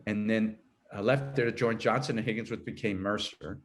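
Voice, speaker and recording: This guest, an HR consultant in his sixties, has a lowish voice and keeps a moderate pace. He rambles through the story of his career, often correcting himself, and laughs readily throughout the interview-style conversation.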